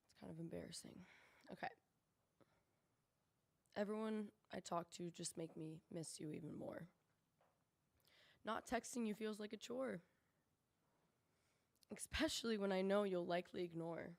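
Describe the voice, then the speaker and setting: A woman reading a rhymed spoken word poem on a poetry cafe stage, earnest and measured. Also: medium pitch, gravelly. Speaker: open mic poet.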